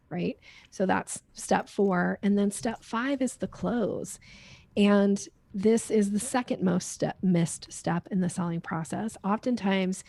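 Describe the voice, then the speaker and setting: Gravelly-voiced woman teaching sales steps. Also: mid-range voice, warm tone, dry recording. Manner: explanatory teaching tone, laughs while making points. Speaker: sales trainer guest. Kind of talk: podcast interview.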